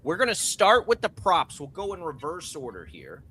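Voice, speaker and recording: A man hosting a sports radio show with a bright, forceful tone and a lively, swinging delivery. He runs the segment briskly and hands off to each panelist in turn. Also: fairly high pitch, a little hiss or hum. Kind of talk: casual radio sports chat.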